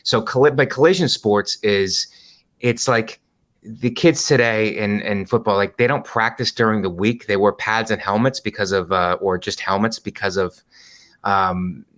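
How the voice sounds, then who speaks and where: A man with a low voice, talking casually on a podcast. He works through his points slowly, with many fillers and restarts. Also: fairly bright tone. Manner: rambling, filler-heavy explaining. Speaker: podcast co-host. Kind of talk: casual chat.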